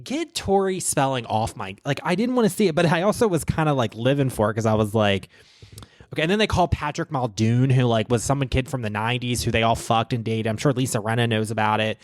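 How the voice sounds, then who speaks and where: A man's voice: mid-range voice, expressive, brisk, no echo, studio quality. A man from Baltimore hosting a podcast, recapping reality TV in a gossipy, profane way. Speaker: podcast host. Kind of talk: casual chat. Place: small podcast studio.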